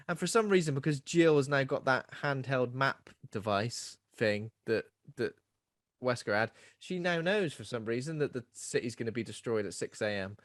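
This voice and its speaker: A man in a casual film review podcast, animated and opinionated. His voice is dry and close, with no room sound. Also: medium pitch, normal speed, no room sound. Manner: animated, comparing films to games. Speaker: podcast co-host.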